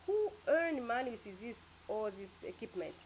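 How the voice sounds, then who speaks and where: A woman's voice: fairly high pitch, sing-song, normal speed, background noise. Rambling, emphatic woman vlogger. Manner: emphatic, rambling, with sound-effect words. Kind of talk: casual opinion monologue.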